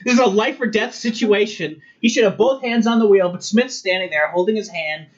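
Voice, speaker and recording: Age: 20s. Sex: man. Role: podcast co-host. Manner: animated, laughing rants. Pitch: fairly high. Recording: muffled, lo-fi. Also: brisk. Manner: animated, laughing, indignant ranting. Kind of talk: casual chat reviewing a TV episode.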